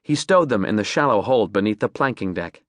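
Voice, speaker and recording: Man reading an audiobook, expressive, lots of ups and downs in his voice, dry studio mic. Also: on the low side, fairly quick, no room sound. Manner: vivid, expressive storytelling. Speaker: audiobook narrator. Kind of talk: scripted narration. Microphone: studio microphone.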